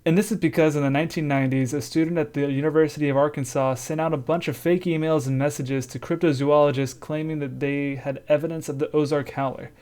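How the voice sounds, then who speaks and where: A man's voice: fairly high pitch, steady tone, quick pace, hardly any pauses, a little mellow. A man co-hosting a casual podcast, talking in a loose, chatty way and laughing easily. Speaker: podcast co-host.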